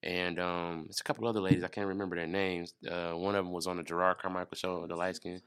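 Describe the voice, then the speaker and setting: A man's voice: sits low, flat delivery, fast, fairly bright tone, smooth, no room sound, clean studio sound. A male comedian from Detroit chatting as a podcast guest in a laid-back way, with frequent fillers and restarts. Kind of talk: casual chat.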